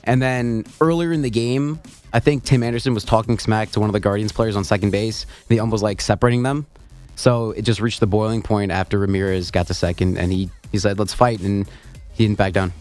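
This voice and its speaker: A man's voice: lowish voice, steady tone, a little fast, darkish tone, soft background music. A man on a casual sports talk show, laying out the background in a matter-of-fact way. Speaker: co-host.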